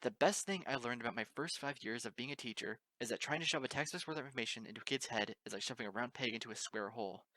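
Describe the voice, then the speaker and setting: A man's voice: medium pitch, quick pace, hardly any pauses, sharp tone, no echo, close to an everyday voice. A man reading the part of an easygoing, teasing female pony teacher, in a breezy, sarcastic, pushy way. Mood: persuasive. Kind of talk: amateur audiobook reading.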